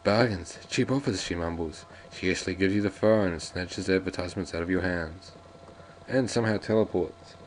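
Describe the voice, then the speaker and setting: A man with a low-pitched, fairly even voice talks fairly quickly through a game, reading its lines aloud as a let's play commentator. His chatter is casual, rambling and jokey with frequent restarts, and there's slight background noise.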